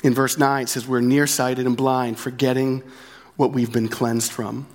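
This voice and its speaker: A pastor preaches in a flat, unhurried, medium-pitched voice. He talks conversationally, repeats key phrases, and keeps tacking on "right?" as a tag question.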